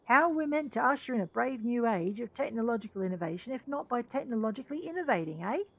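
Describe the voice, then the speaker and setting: A woman voicing a gruff, eager male airship engineer in a game, speaking in a hearty, blustering manner. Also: on the high side, lively intonation, quick pace, fairly bright tone, no echo, lo-fi sound, pitched above the performer's own voice, heavily acted. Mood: enthusiastic.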